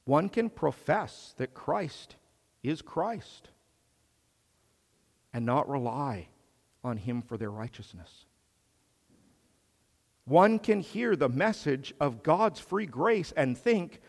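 A man preaching a sermon in a slow, measured way, swelling on emphatic phrases. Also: on the high side, very animated, gravelly, big-room sound.

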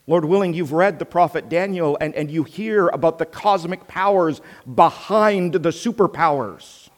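A man preaching a sermon with earnest rhetorical questions, swinging between loud emphasis and hushed tones. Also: a little high, moderate pace, in a large hall.

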